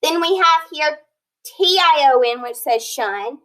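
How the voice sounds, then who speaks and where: A woman teaching a phonics lesson, sounding out word parts slowly and deliberately, praising and checking in with her students. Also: sits high, a bit bright, poor audio. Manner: encouraging, checks in with "okay?". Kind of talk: recorded online lesson.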